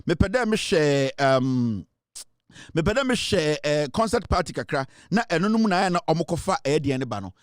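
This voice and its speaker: A Ghanaian man hosts a comedy show with a high, lively voice that jumps all over as he jokes and laughs. His sound is close and dry, with no room around it. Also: normal speed, dry recording. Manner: animated, laughing often, mixing English into his talk. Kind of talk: comic commentary.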